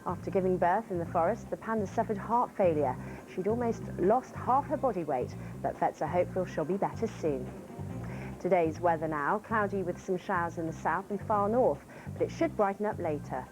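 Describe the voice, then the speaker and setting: A woman reading a short news bulletin in a steady, clear way. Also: on the low side, moderate pace, over music, poor audio. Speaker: newsreader.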